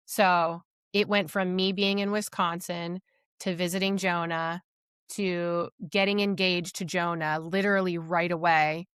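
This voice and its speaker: A woman's voice: fairly low pitch, a bit bright, clean tone, dry recording, clean studio sound. A woman guest on a podcast, telling her own story candidly and reflectively, with many fillers. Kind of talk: personal storytelling.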